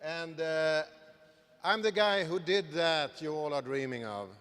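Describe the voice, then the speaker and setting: Wry male speaker, unhurried delivery, reverberant conference hall. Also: fairly high pitch, fairly bright tone, clear, resonant tone. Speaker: conference speaker, vineyard owner. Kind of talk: short personal story.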